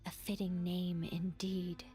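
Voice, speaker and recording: An ominous oracle, whispered role-play. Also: female voice, lowish voice, flat delivery, dark tone, faint music behind. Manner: slow, grave prophecy. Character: ominous unseen female oracle voice.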